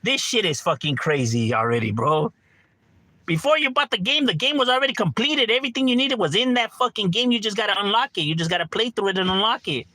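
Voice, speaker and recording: A man's voice: high voice, lively intonation, quick pace, sharp tone, no room sound. A middle-aged man streaming a game from home, ranting casually with lots of profanity and constant "bro.". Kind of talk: casual livestream rant.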